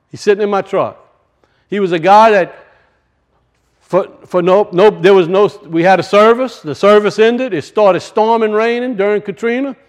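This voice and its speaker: High-voiced preacher, rising and falling. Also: male voice. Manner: rises loud then drops to hushed, storytelling. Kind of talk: sermon with personal story.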